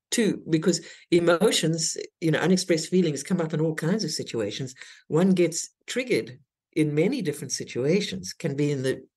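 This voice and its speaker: In an interview, a woman who is a guest intimacy teacher and author speaks earnestly, laying out her ideas step by step. Her voice sits on the low side, darkish and husky.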